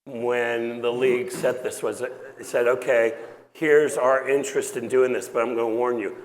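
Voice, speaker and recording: Measured man speaking in a reverberant hall. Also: mid-range voice, a little hiss or hum. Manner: measured, with fillers and restarts. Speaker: sports team executive. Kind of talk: speech on a panel. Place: event stage before a live audience. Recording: long hall reverb, crowd murmur.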